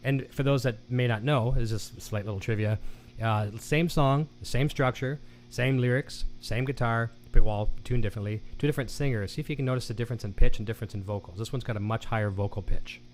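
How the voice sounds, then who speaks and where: A man with a medium-pitched voice hosts a live-streamed guitar gear show, chatting casually, telling corny jokes and reading viewer comments aloud. He speaks briskly, with slight background noise.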